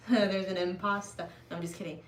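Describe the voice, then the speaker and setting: A woman's voice: lowish voice, little pitch movement, normal speed, reverberant. A woman co-hosting a casual livestream at home, chatty and reading out viewer comments. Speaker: co-host.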